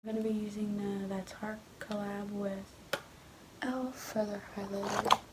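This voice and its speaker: A teenage girl filming a get-ready-with-me vlog, talking in a rushed, chatty way and often half-whispering. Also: level tone. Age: teens. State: out of breath. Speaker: vlogger. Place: home, early morning. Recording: low audio with loud background noise.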